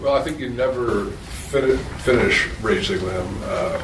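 An older man in a church group, sharing a thought slowly and hesitantly. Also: mid-range voice. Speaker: church member answering from the group. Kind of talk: casual remarks from the audience. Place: church meeting room. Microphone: distant, off-mic. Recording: distant voice in an echoey room, clear background noise.

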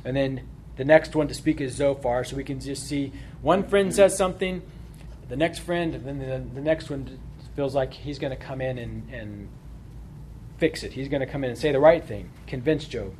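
A man's voice: mid-range voice, normal speed, a little mellow, a little hiss or hum. A man leading a Bible study, explaining informally and often checking in with a rhetorical "right?". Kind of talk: conversational Bible study lesson.

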